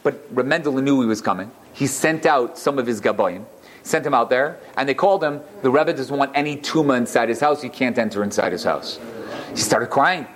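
A man's voice: mid-range voice, brisk. A man in a mid-range voice teaches a Torah class through a story. He talks animatedly, often restarting his sentences and breaking off for asides.

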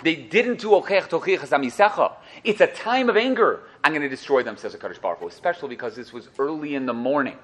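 A man with a fairly high voice speaks fast, with few pauses, as he teaches a Torah class. He tells lively stories, acts out the characters' voices and jokes with his listeners.

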